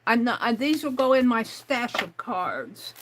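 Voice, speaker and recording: A woman's voice: on the high side, very animated, measured pace, fairly bright tone, a little hiss or hum, rough recording. A woman hosting a crafting livestream in casual chat, thinking aloud and reading out chat messages as she works.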